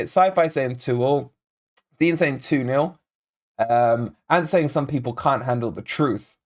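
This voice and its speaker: A man born in Scotland hosting a live football watch-along, chatting and reading out viewer comments and predictions. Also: mid-range voice. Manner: chatty, reads out chat names and predictions, excitable. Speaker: fan channel host.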